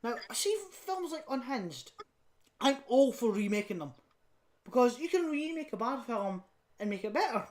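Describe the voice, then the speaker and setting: A woman's voice: on the high side, big pitch swings, normal speed, darkish tone. Blunt, laughing woman podcast co-host. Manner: blunt, scathing, laughing often; swears casually. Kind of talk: casual film review chat.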